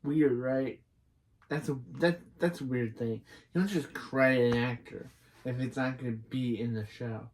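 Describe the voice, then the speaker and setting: A man sits and recaps a TV episode in a casual, chatty way. He reads out the characters' dialogue, then breaks off to wonder aloud about odd details. His voice stays at an ordinary middle pitch. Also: steady tone, unhurried, slight background noise. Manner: chatty, reads characters' lines aloud between puzzled asides. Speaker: TV episode reviewer.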